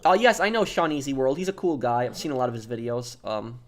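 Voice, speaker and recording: A man's voice: medium pitch, fast talker. Rambling young man chatting on stream. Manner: rambling, many ums and uhs, repeats himself. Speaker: streamer answering chat. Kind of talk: casual live-stream chat.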